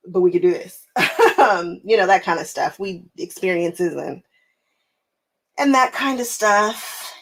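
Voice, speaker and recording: A woman hosting a casual crafting live stream, chatting with viewers while she sews, animated and often laughing, repeating phrases for emphasis. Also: on the low side, vocal fry, low-quality recording. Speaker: quilting live stream host. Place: home sewing room.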